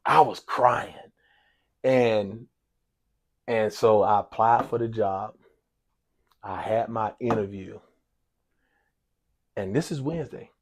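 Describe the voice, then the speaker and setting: A basketball coach with a fairly low, breathy-edged voice takes his time, pausing often. He's telling a long personal story in a sports talk interview, animated despite the slow pace, acting out dialogue, repeating himself, and frequently saying "y'all."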